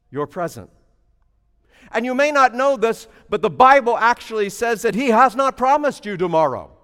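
A man preaching a sermon, telling a story and then building to loud, emphatic preaching. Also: high-pitched, in a large hall.

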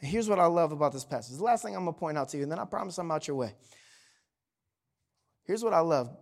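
A man, a pastor, delivering an impassioned sermon that swings between hushed and loud passages and puts rhetorical questions to the congregation. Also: on the high side, lively intonation, fast, creaky, long pauses.

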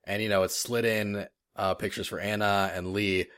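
A man's voice: fairly low pitch, flat delivery, normal speed, fairly bright tone, smooth, no echo, studio quality. A man co-hosting a gaming podcast in casual chat, enthusiastic, with many fillers and frequent laughs. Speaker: podcast co-host.

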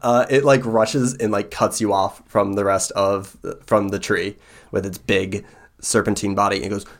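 A man's voice: lowish voice, level tone, normal speed. A man running a tabletop role-play game as game master, describing scenes with lots of fillers. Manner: filler-heavy, descriptive storytelling.

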